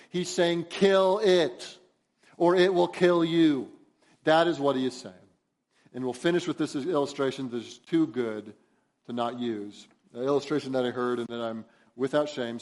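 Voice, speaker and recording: A male pastor preaching a sermon, emphatic and urgent, acting out the voices he quotes. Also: medium pitch. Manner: emphatic, rising to urgent exhortation; acts out quoted voices in his storytelling.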